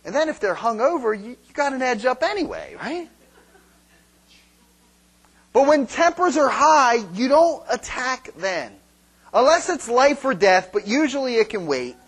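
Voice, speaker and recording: A man's voice: very high voice, big pitch swings, a little slow, a bit bright, slightly rough. A man preaching a sermon on marriage in a conversational way, asking the congregation questions and acting out quarrels. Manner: acts out quarrels in quoted voices.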